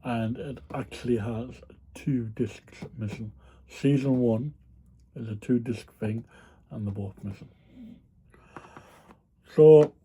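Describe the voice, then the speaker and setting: With a warm tone and a breathy edge to his medium-pitched voice, a reseller vlogger chats informally about what he resells. He rambles on, often saying um and sometimes yawning.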